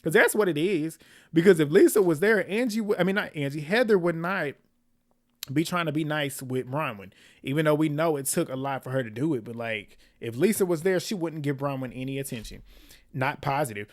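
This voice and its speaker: A man's voice: fairly high pitch, lively intonation, brisk. A man giving a casual recap of a reality TV episode, chatty and opinionated, with slang and frequent laughs.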